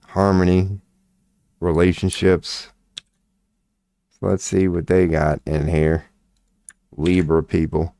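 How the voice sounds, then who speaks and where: A man's voice: low-pitched, dark tone, dry recording. A man hosting an astrology live stream, talking casually and profanely while he works on his computer. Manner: laid-back, profane, muttering while working on the computer.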